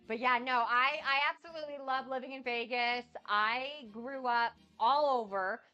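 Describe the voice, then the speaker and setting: A young woman getting over a cold, chatting excitedly with viewers on her cooking live stream. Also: high voice, normal speed, muffled recording, faint music behind. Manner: bubbly, gushing and excitable. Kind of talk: casual live-stream chat.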